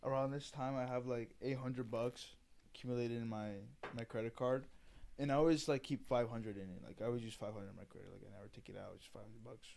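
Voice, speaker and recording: A man's voice: mid-range voice, quick pace, gravelly, a little mellow. Laid-back young man, crude casual talk. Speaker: podcast co-host. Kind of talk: casual chat.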